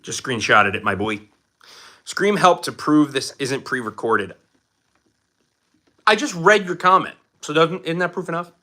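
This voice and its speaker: A man's voice: fairly high pitch, very animated, unhurried, long pauses, pushed and bright. A young man hosting a casual live stream from his home, joking as he answers chat questions.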